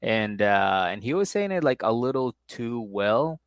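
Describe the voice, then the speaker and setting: A man talks loosely on a podcast, laughing often and slipping into raised voices to mimic people. His voice sits at an ordinary middle pitch. The sound is close and dry. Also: sing-song, unhurried, no echo. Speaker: podcast co-host. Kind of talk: casual chat recapping a reality show.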